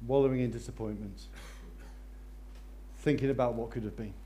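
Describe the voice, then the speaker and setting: A man preaching a sermon, swinging between loud excitement and hushed intensity. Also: medium pitch, moderate pace, slight background noise.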